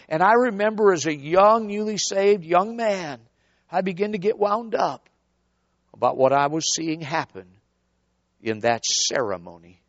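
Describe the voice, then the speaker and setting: Preaching at a measured pace to a congregation in church, a high-pitched man tells a story with animation and calls out to the people listening. The sound has no echo and comes across dull and lo-fi.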